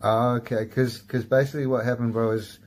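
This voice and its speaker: A man's voice: medium pitch, little pitch movement, fairly quick. A man hosting a casual comedy podcast, laid-back and swearing a lot, laughing at himself. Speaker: podcast host.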